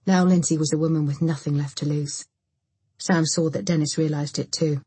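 A woman narrating a thriller audiobook in an even, measured way. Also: low voice, breathy edge. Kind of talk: scripted narration.

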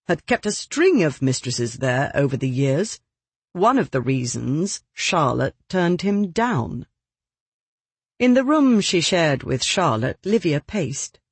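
An audiobook narrator reading a period novel in an expressive storytelling manner. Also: husky, dry recording. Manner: expressive storytelling with lively pitch.

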